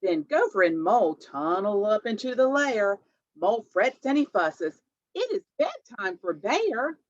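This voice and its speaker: Slow, sing-song woman reading to kids. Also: mid-range voice. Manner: animated, sing-song, gasps for effect. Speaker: children's librarian, storytime host. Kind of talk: children's storytime read-aloud. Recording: dull lo-fi audio.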